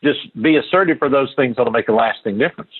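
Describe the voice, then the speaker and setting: An older man with a husky, breathy voice that comes through a thin, phone-like line. He speaks earnestly and with emphasis, repeating key phrases as he tells personal stories in an interview. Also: medium pitch, fast. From Appalachia. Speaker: podcast guest. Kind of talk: storytelling interview talk.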